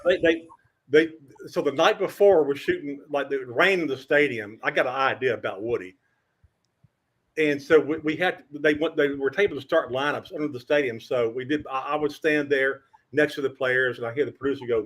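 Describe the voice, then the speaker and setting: An older man telling lively sports anecdotes as a podcast guest, acting out quotes and stammering through restarts. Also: medium pitch, a little fast. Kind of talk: storytelling in a podcast interview.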